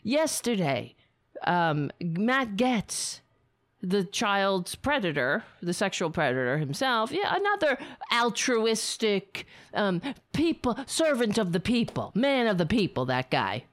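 A woman host giving political commentary, taking her time over each phrase while her pitch swings widely. She sounds sarcastic and indignant and swears freely, and her voice sits dry and close to the mic. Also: sing-song, slow pace, no room sound. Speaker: show host.

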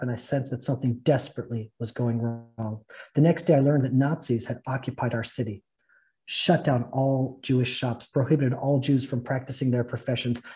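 In a spiritual fellowship session, a man with a dark, mid-range voice tells a story and reads it aloud. He delivers it with earnestness and feeling.

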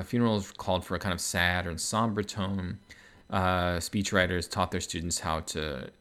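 A man hosting a podcast, explaining ideas in a relaxed, conversational way with frequent fillers. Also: sits low. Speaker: podcast host. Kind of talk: casual explanatory podcast talk.

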